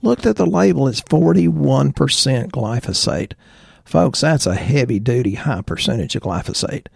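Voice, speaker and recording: A man's voice: mid-range voice, expressive, normal speed, creaky, a little mellow, husky, dry recording, studio quality. A middle-aged man hosting a casual health podcast, opinionated and jokey, telling anecdotes as he talks. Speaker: podcast host, chiropractor.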